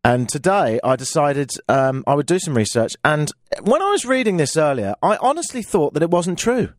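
An English man with a London accent hosts a radio talk show, rambling along in a chatty, self-mocking way with sing-song, playful pitch swings. He speaks at a normal pace in a casual monologue, recorded on a studio microphone in a radio studio with clean, dry sound.

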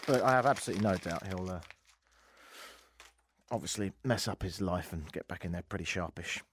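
A man's voice: low-pitched, a little fast, a bit bright, breathy edge. A man from England hosting a comedic talk radio show, joking and sarcastic as he banters and tells news stories. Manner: joking, sarcastic, laughs at his own lines. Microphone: studio microphone.

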